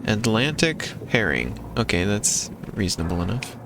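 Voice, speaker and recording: Man, game streamer, wry musing commentary, low voice, noisy background. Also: sing-song, moderate pace.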